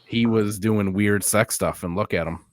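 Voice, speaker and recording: A man's voice: lowish voice, fairly even intonation, moderate pace, no echo. A man co-hosting a podcast, telling a story in casual chat and laughing at his own punchlines. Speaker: podcast co-host.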